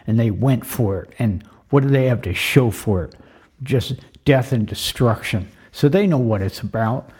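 A man's voice: mid-range voice, darkish tone, slightly rough. An older man in an impassioned, repetitive monologue, tearful with his voice cracking. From United States. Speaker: retired vlogger. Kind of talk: emotional monologue.

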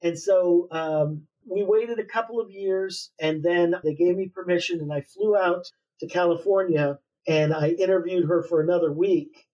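Husky guy with a high-ish voice, rambling on in an interview, sounds far off and muffled. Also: fairly even intonation, normal speed, few pauses, darkish tone. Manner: rambling storyteller with fillers. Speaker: author guest. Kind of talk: conversational interview. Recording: distant, dull lo-fi sound.

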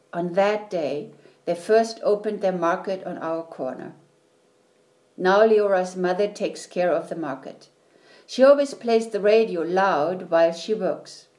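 A woman reading a children's storybook aloud in a gentle, unhurried way. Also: fairly low pitch. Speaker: reader.

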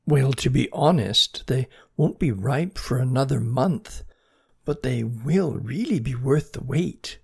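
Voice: medium pitch, lively intonation, takes it slowly, gravelly, husky, heavily acted. A storyteller voicing a polite, hungry young male banana slug in a children's story. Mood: eager. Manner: polite, hesitant.

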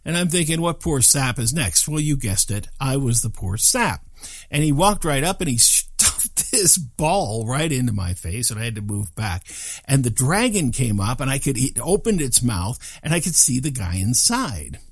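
An older man telling a personal story in an animated, self-deprecating way, with chuckling asides. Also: medium pitch, moderate pace, slightly rough, no room sound, studio quality.

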